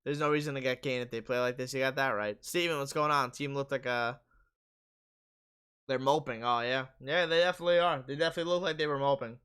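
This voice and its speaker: A man hosting a live sports stream, casually reading viewer comments aloud and answering them while his voice is going hoarse. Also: medium pitch, steady tone, fast, fairly bright tone.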